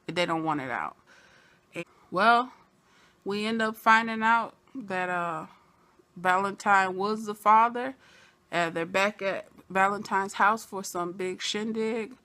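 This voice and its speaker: A woman giving a chatty, casual recap of a TV episode, full of "you know" asides and sudden bursts of excitement. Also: medium pitch, slow. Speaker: TV episode reviewer.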